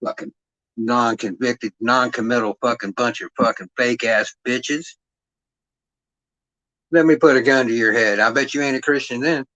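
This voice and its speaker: A man's voice: medium pitch, fairly even intonation, normal speed, a bit bright, no room sound, rough recording. Profane, taunting middle-aged man. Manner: aggressive, mocking, heavy swearing; taunting rhetorical questions. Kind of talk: profane rant on a livestream.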